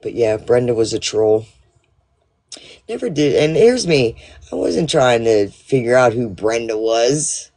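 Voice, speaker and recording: A man's voice: medium pitch, lively intonation, measured pace, darkish tone. A man telling a rambling, profane story to his livestream audience in a casual way, full of fillers and restarts. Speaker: livestream host.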